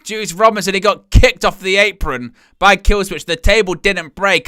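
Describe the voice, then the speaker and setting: Man, live wrestling watch-along host, excited play-by-play, smooth clear voice, dry close mic. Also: high-pitched, moderate pace, dry recording. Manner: animated, exclaiming "oh" at each move.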